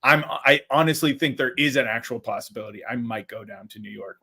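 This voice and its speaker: A man's voice: mid-range voice, fairly quick, bright, forceful tone, breathy edge. Laid-back man telling a story. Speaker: podcast co-host. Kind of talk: casual chat.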